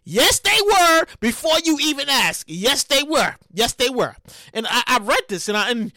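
Animated high-voiced man, very expressive. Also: normal speed, no echo, clean studio sound. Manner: animated, profane, breaks into loud sing-song exclamations; stammers and restarts often. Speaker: show host. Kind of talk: casual comedic monologue.

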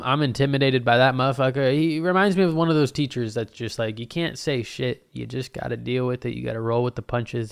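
A young man rambles through a solo podcast, swearing freely and joking as he goes. His voice has a gravelly fry at the edges yet stays smooth and resonant. The sound is dry and close, with no room around it. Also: mid-range voice, no room sound. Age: 20s. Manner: profane, rambling and jokey. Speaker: podcast host. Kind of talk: casual solo podcast rant.

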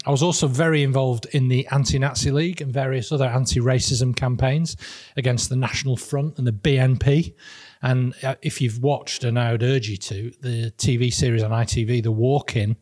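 A man's voice: mid-range voice, a little mellow. A middle-aged man from the north west of England co-hosting a casual political podcast, chatty and laughing as he tells stories. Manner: chatty, laughs while telling anecdotes. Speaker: podcast co-host.

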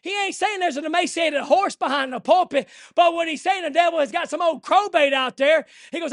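A man preaching a fervent sermon, his voice pitched very high as he presses each point. He drops to a hush, then climbs back to a full shout. The sound is dry and close. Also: brisk, gravelly, few pauses, no echo.

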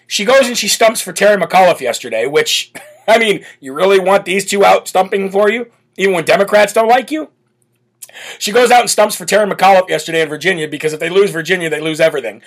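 A man's voice: high voice, animated, a little fast, a bit bright. A man hosting a political talk show, brash and sarcastic in his opinionated solo commentary.

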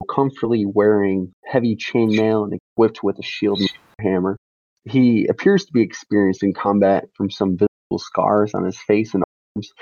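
Low-voiced man on a dull, dry mic. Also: warm tone, dry recording. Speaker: player. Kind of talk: reading a character description.

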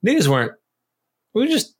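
A man's voice: sits high, wildly swooping pitch, moderate pace. A man co-hosting a podcast, chatting casually in slang and acting out little bits as he tells a story. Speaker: podcast co-host. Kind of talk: casual chat.

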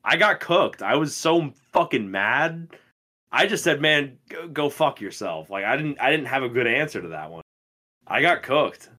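A man in his twenties co-hosting a podcast, telling stories in a casual, profane and animated way. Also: mid-range voice, moderate pace. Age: 20s. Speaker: podcast co-host. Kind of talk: casual chat.

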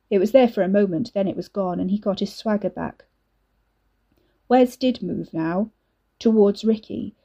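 Woman, story narrator, measured reading, husky, dull lo-fi recording. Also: mid-range voice, dark tone.

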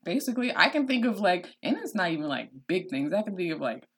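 A woman's voice: fairly low pitch, fast, a little hiss or hum. A woman hosting a casual podcast chat, telling stories with lots of expression. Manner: animated storyteller, acts out voices. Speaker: podcast host.

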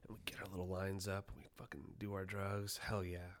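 A man's voice: deep voice, fairly quick. A young man co-hosting a podcast, telling a rowdy story with lots of swearing and acted-out quotes. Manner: profane, animated retelling, acting out quotes. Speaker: podcast co-host. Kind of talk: casual storytelling.

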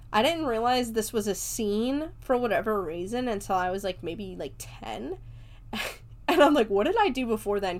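A woman recapping a movie in a casual chat, loose and talkative, leaning on "like" fillers and laughing often. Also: medium pitch. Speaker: movie reviewer.

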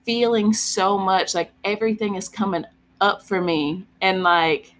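Speaking a little slowly in a mid-range, slightly bright voice, a female podcast co-host shares a personal story. The chat is casual and candid, with swearing and lots of "like."

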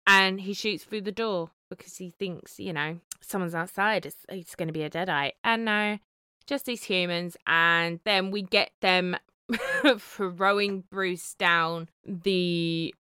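Slow-talking bright woman. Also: lowish voice, smooth, no echo, clean studio sound. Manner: animated, laughing, swears freely. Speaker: podcast co-host. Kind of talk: casual chat.

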